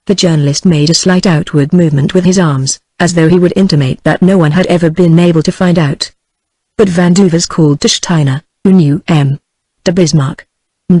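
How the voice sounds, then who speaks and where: A text-to-speech woman's voice with a British accent, reading a classic novel in an even, measured way. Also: lowish voice, no room sound. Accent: British English. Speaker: audiobook narrator. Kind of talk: synthetic audiobook narration.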